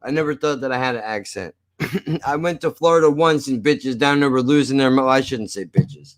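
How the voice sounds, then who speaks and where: A man with a South Jersey accent chats loosely with his viewers, swearing freely. His voice sits at an ordinary middle pitch. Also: normal speed. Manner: loose and profane, talks to chat. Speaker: streamer. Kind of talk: casual live-stream chat.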